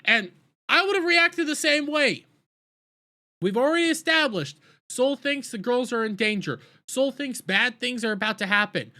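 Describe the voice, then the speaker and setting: A man recapping a TV episode in an animated, exasperated rant, often stumbling and restarting his sentences. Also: extremely high pitch, moderate pace. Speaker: TV show reviewer.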